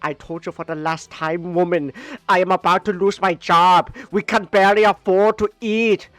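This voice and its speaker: A man's voice: sits high, flat delivery, moderate pace, fairly bright tone, no echo. A man voicing a worn-out, broke father who is exasperated and short-tempered.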